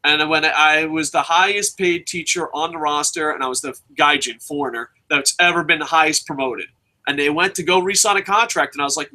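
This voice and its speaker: A man's voice: fairly high pitch, brisk, sharp tone. A man co-hosting a wrestling news show, ranting bluntly and profanely in casual chat.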